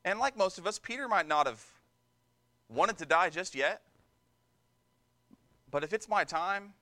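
A man preaching to his congregation with a high, bright voice. He drives his points home with emphatic repetition, rising and falling in the way a sermon does. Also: lively intonation, unhurried, pauses often. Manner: emphatic preaching, repeats words for stress. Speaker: pastor.

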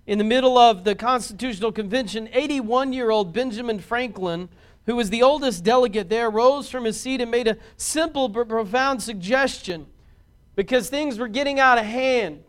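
A pastor preaching a sermon in an earnest, heartfelt manner with emphatic repeats. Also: male voice, very high voice, normal speed.

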